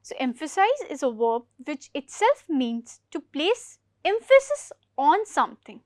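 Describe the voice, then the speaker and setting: A woman teaching an English grammar lesson for exam preparation, explaining each point slowly and repeating key words. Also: high voice, big pitch swings, no echo, studio quality.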